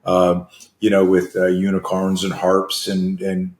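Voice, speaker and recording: A man's voice: deep voice, monotone, measured pace, a little mellow. A middle-aged man, a self-defense coach, answering interview questions in a loose storytelling way with frequent fillers and restarts. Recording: echoey room.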